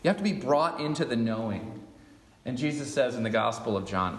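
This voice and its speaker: A man's voice: medium pitch, brisk, slight background noise. Man preaching in an echoey hall. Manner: emphatic, asks the congregation questions. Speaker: pastor. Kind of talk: sermon. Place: church sanctuary. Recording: echoey church hall with long reverb.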